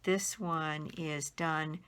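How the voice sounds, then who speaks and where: A woman's voice: low voice, fairly even intonation, very slow, fairly bright tone, clean tone. A middle-aged woman casually showing handmade greeting cards, admiring each one and spelling out the makers' names letter by letter. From Colorado. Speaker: card-making demonstrator.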